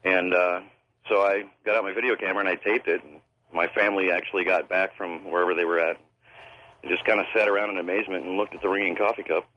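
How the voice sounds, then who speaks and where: A man calling in to a radio show, telling a personal story haltingly with many fillers. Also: low-pitched, level tone. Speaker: caller. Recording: muffled phone line.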